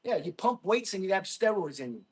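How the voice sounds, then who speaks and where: A man's voice: sits high, sing-song, fairly quick, husky. A man hosting a casual livestream, blunt and mocking, laughing often as he reads chat. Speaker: livestream host reading chat. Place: gym.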